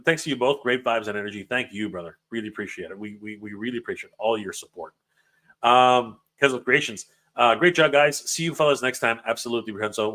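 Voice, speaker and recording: A man hosting a livestream, emotional and excited, often stumbling over his words while reading viewer comments. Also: mid-range voice. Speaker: livestream host.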